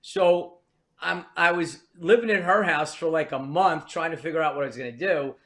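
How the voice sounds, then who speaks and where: Veteran comic guest, older man from New Jersey, high and bright. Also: moderate pace. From New Jersey, US East Coast. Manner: wry, rambling storyteller. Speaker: comedian guest. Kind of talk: storytelling in a podcast interview.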